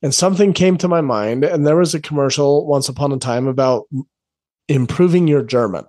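A man's voice: a little high, brisk, darkish tone, no echo. A man, a coach hosting his own podcast, telling a story in a rambling, casual way with lots of filler words. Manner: rambling, conversational, many "like" fillers.

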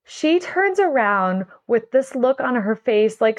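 Her voice sits on the high side, swinging widely in pitch as she talks slowly with few pauses. This middle-aged podcast host and salon owner rambles through casual stories in a chatty monologue, with frequent laughter.

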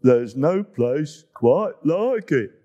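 A man voicing a slow, mumbling male hippo in a read-aloud storybook, his words muffled. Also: on the high side, expressive, warm tone, exaggerated voice. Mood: grumbling.

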